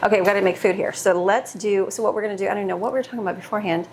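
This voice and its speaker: A middle-aged homemaker vlogger chats and rambles while cooking in her home kitchen, laughing often. She talks very fast in a mid-range, somewhat mellow voice, recorded on a clip-on shirt mic with slight background noise.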